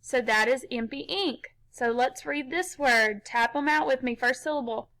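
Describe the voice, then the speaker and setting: A woman teaching a children's phonics lesson, explaining slowly and patiently step by step. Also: sits high, fairly bright tone, poor audio. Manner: slow, patient, step-by-step instruction.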